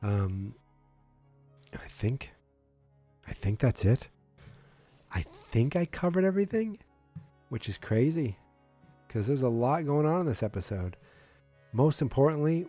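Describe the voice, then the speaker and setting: A man's voice: on the low side, warm tone. A man hosting a casual solo podcast, rambling with many fillers and self-corrections. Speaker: podcast host.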